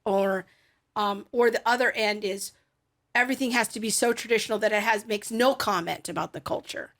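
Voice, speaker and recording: A woman's voice: mid-range voice, fairly even intonation, fairly quick, fairly bright tone. A middle-aged woman co-hosting a faith podcast, talking things through in a thoughtful, explanatory way with frequent fillers. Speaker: podcast co-host. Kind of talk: casual faith podcast chat.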